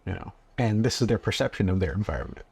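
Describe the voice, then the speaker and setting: A man with a fairly low, husky voice talks calmly and earnestly. He explains things as a guest in a casual interview. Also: fast. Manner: calm, earnest, acts out parent-child dialogue.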